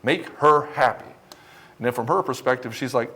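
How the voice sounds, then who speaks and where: A man's voice: medium pitch, moderate pace, fairly bright tone, husky. A man coaching other men on relationships, talking straight to the camera in a blunt, confrontational way, swearing often and mimicking the men he criticizes. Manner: mocks men by mimicking them. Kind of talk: direct-to-camera coaching talk.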